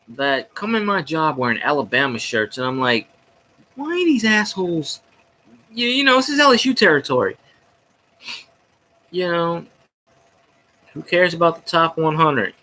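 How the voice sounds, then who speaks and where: A man's voice: sits high, sharp tone. Rowdy man ranting on stream. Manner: rowdy, profane, jokey fan ranting. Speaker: sports fan streamer. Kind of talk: casual rambling livestream chat.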